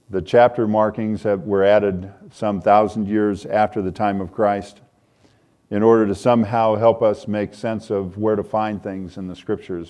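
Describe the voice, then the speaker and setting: Low mellow-voiced male pastor preaching. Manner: conversational preaching, rising and louder when reading scripture. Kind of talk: sermon.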